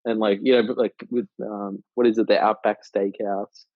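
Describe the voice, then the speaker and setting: A man's voice: on the low side, level tone, moderate pace, dry recording. A young Australian man in his twenties chatting casually as a podcast guest, rambling with lots of fillers and restarts. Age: 20s. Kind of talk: casual chat. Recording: dull lo-fi dry sound.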